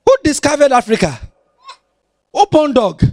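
A man with a Ghanaian accent preaching a lively Bible lesson to children, animated and sing-song, teasing his listeners as he talks. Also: very high-pitched, moderate pace, no echo.

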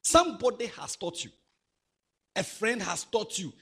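Man, preaching, lively pitch swings, husky. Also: a little slow. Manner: animated, swings from soft asides to loud exhortation. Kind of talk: sermon to young people.

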